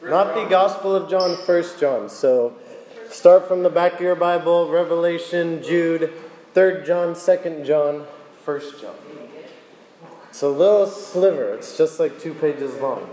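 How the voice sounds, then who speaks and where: A young man as a youth pastor, preaching casually, out of breath and worn from yelling, reading scripture and praying. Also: on the high side, unhurried. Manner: casual, chatty and excitable. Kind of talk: casual sermon with Bible reading and prayer. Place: church meeting hall. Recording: roomy hall with long reverb, faint noise.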